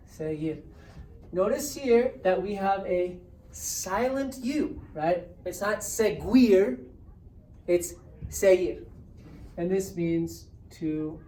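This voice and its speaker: Slow-talking woman teacher in a roomy room. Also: fairly low pitch, darkish tone. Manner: patient, explaining step by step, checks in with "right?". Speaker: Spanish teacher. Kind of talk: classroom grammar lesson. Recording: roomy echo, distant mic, faint hiss.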